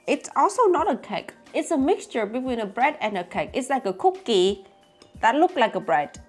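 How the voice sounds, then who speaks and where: Young woman, giggly chatty food vlog, bit of soft music behind. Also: fairly high pitch, very animated, moderate pace, slightly rough. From Vietnam. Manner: giggly, chatty, non-native phrasing. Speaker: vlogger. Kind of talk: casual food-tasting vlog.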